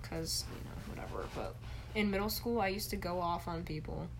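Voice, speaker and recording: A woman's voice: lowish voice, fairly quick, noisy background. A young woman in casual chat, blunt and crude, swearing often and filling her talk with "like" while she quotes people in mock voices.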